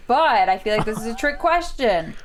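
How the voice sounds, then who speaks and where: Higher-voiced woman co-host, faint noise. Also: big pitch swings, normal speed. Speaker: podcast co-host. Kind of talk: casual chat.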